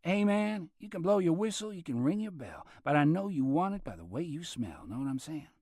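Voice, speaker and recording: A male narrator voicing a grinning, smooth-talking man who arranges things, in a lifted, breezy voice. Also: a little high, big pitch swings, fairly quick, darkish tone, dry recording, clean studio sound, voice pushed up.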